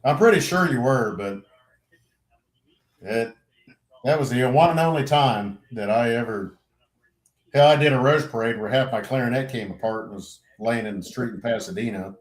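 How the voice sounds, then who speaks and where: This middle-aged podcast crew member has a medium-pitched voice and a moderate pace with frequent pauses. Telling service stories casually, he rambles, restarts constantly, drops plenty of "you know"s and swear words, and animatedly acts out others' lines.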